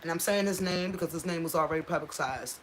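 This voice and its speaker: A woman's voice: fairly low pitch, fast talker, slight background noise. A woman speaking on a live stream from home, raw and impassioned, repeating herself for emphasis and stopping to thank viewers. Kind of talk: emotional casual live-stream talk.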